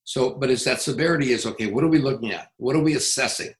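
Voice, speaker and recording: A middle-aged man working as a police trainer, telling stories in an interview in a blunt, profane, animated way. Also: mid-range voice, quick pace, roomy sound, low-quality recording. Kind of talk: casual interview storytelling.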